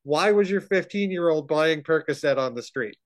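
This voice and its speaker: Man, slightly high voice, ranting and swearing, halting with fillers; casual co-host. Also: animated. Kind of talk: casual chat.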